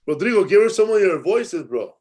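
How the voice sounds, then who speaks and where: A man's voice: high-pitched, fairly quick. A man hosting a podcast in casual chat, telling rambling stories and stumbling over repeated words. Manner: rambling storyteller, repeats words when excited. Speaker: podcast host.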